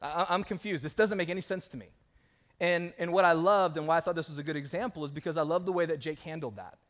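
Guy pastor preaching, highish voice, keeps doing little voices for the people in his stories. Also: quick pace. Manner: animated storytelling, acting out quoted voices. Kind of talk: sermon. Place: church sanctuary.

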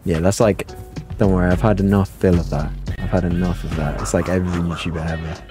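A man's voice: deep voice, fairly even intonation, fast, over music. A young man chatting playfully through a gaming livestream and answering his viewers' chat aloud. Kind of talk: casual livestream commentary.

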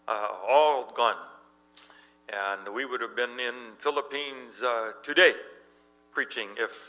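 A middle-aged male pastor preaching a sermon, telling stories in an animated way and laughing as he tells them. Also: mid-range voice, in a large hall, poor audio. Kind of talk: sermon with storytelling. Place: church.

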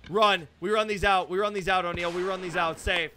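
A young man giving live gameplay commentary, excitable and self-deprecating, breaking into shouts when plays go wrong. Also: sits high, brisk, over music. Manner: self-deprecating, hard on himself. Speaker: gaming YouTuber.

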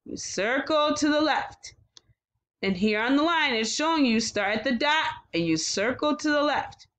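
A woman teaching a phonics lesson to young children, sounding out letters slowly and praising them often. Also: high-pitched, lively intonation, a bit bright. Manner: slow, encouraging, sounds out letters. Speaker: kindergarten teacher.

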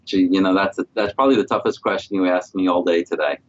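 A middle-aged man answering interview questions as a guest specialist, calm and explanatory. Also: deep voice, fast, lo-fi sound. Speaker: guest periodontist.

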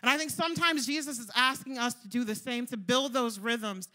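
High, bright-voiced woman preaching chattily. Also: brisk. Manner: chatty, storytelling, lots of "like" and "you know". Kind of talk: sermon.

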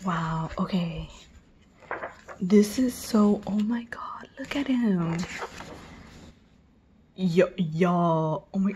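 A woman unboxing on her vlog, gushing at each item and slipping into soft whispered exclamations. She talks slowly, with long pauses between her bursts. A faint hiss of noise sits under her voice. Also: lowish voice. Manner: gushing, excited, drops often into breathy whispers. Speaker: vlogger. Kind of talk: unboxing video.

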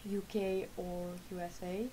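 The recording is rough with slight background noise, and her mellow, medium-pitched voice moves little in pitch at an unhurried pace. She is a late-twenties gaming vlogger, just out of bed and sleepy, chatting casually at home in a rambling, self-correcting manner.

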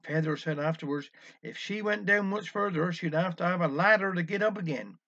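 A man's voice: sits high, brisk, sharp tone. A man with a Cornish accent telling a wry village dialect story. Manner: wry, anecdotal. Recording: dull lo-fi recording.

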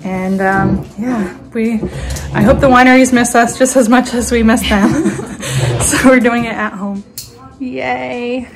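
A woman's voice: a little high, steady tone, unhurried, noisy background. A young woman, a nurse, chatting casually in a vlog at home and laughing often. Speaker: travel nurse vlogger. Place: home living room.

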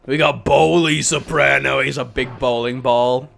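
A man with a gravelly voice, giggling through crude joking while playing a game. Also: medium pitch, fairly even intonation, a little slow, crowd noise. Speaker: streamer. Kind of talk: casual gaming chat.

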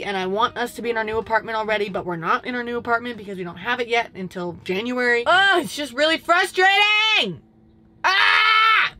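A woman in her early twenties talking casually to the camera in a confessional vlog, rambling and frustrated, thinking out loud with many fillers. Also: on the high side. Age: 20s. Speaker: vlogger. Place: indoors at home, doing makeup.

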